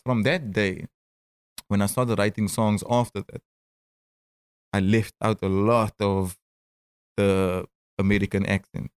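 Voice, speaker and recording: A man's voice: lowish voice, little pitch movement, clear, resonant tone, no echo. A man in his thirties with a Cape Town South African accent, a rapper telling stories in a casual interview, often stammering and restarting. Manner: stammering restarts, quick asides and laughs. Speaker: rapper and guest.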